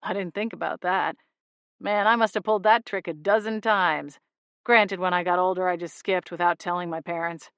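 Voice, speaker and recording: A woman's voice: fairly even intonation, moderate pace, a bit bright, no room sound, muffled recording. A woman doing a laid-back rule-breaking young man. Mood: easygoing. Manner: easygoing, gruff and low on the phone.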